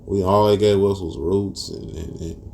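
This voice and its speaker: A man with teaching scripture in a casual street style, mixing verses with profane stories and rising loud and high when outraged. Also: fairly even intonation, normal speed, gravelly, a little hiss or hum. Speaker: preacher.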